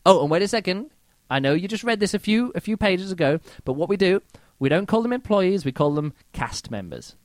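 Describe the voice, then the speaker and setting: A man's voice: high-pitched, a little fast, no room sound. A man hosting a podcast, casually reviewing a book in an exasperated, mocking way. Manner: exasperated, mocking, animated, reads quotes aloud.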